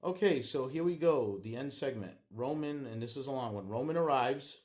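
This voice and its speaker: A man giving a casual, animated play-by-play recap of a wrestling show, with plenty of fillers. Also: medium pitch, moderate pace.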